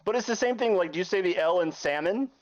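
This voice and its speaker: Low-voiced woman, teasing, dull line. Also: rapid-fire, darkish tone. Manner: teasing, argumentative. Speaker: stream participant. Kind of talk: casual chat.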